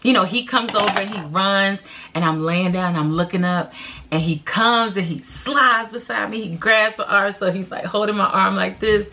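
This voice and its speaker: A young woman casually telling a dramatic story to camera, full of loud laughs, sudden shouts and hushed whispers. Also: medium pitch, normal speed, slight background noise. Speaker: vlogger.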